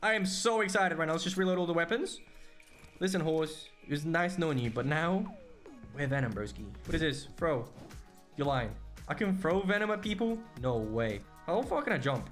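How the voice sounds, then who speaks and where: Young male gamer from Portugal, bouncy and animated, game music faintly underneath. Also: on the high side, normal speed. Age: 20s. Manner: excitable, exclaiming, slangy. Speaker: gaming creator. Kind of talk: excited gameplay commentary.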